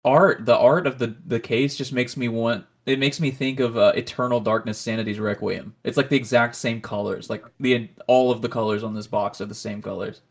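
A man guesting on a podcast, telling animated stories in a casual chat. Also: mid-range voice, a little fast, few pauses. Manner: animated storytelling, laughs at own stories.

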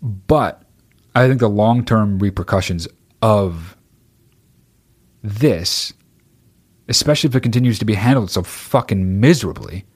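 Low-voiced man hosting a podcast, blunt and profane, rambling chat. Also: expressive, unhurried, pauses often, slightly rough. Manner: swears constantly, rambling and blunt. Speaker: podcast host. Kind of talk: casual chat answering listener questions.

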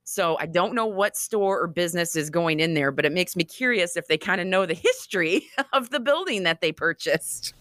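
A woman author being interviewed, telling stories in a chatty, animated way with frequent laughs. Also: fairly low pitch, moderate pace, hardly any pauses, no echo. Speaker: author and guest. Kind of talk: conversational storytelling interview.

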